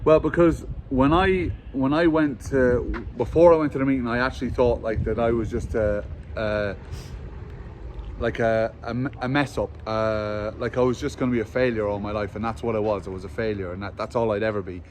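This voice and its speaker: A man's voice: mid-range voice, fairly even intonation, darkish tone. A man in his forties speaks openly in a walking outdoor interview, telling his story in a mid-range voice full of restarts. Faint street noise sits behind him. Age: 40s. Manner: open, storytelling, halting restarts. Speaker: interview guest. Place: outdoors in a hillside village, walking.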